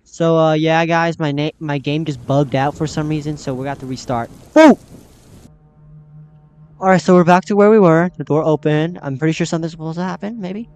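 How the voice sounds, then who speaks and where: A young gaming channel host plays through a horror game, speaking a little fast in a higher, darkish voice. Easily startled, he talks to himself and his viewers as he goes.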